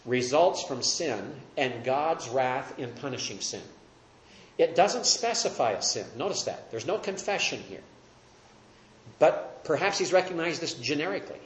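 A man's voice: mid-range voice, big pitch swings, a little slow. A man teaching a Bible study class, earnest and emphatic, asking the group questions. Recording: roomy echo.

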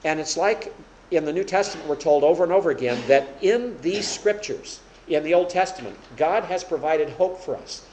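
A man's voice: a little high, expressive, normal speed. A man teaching the Bible to a congregation, asking questions and explaining patiently. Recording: echoey room with faint hum.

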